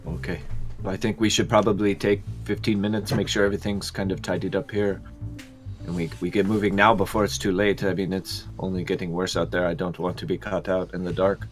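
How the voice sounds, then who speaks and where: A man with a deep, low voice talks through his character's plans and leads the group. He speaks casually and decisively. Faint music plays under him on the video call. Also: flat delivery, brisk. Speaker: player. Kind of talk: casual tabletop role-play.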